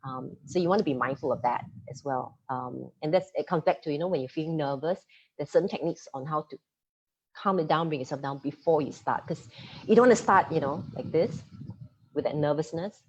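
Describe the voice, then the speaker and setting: A woman coaching presenters over a video call, talking fast with a lively, easy laugh. Her voice sits low and a little husky. The sound is dull and lo-fi, like a laptop microphone. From Singapore. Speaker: media coach giving a masterclass. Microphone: computer mic on a video call.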